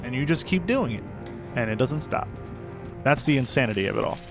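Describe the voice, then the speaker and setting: A man's voice: mid-range voice, expressive, brisk, over music. A young man giving casual, self-deprecating commentary while playing a game, rambling in chatty asides. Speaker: gameplay commentator.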